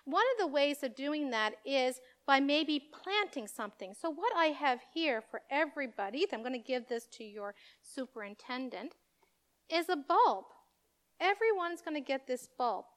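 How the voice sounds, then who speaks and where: Lady doing the kids talk at church, high voice, upbeat and playful. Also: moderate pace. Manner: animated, speaking to children. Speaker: children's minister. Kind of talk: children's message in church.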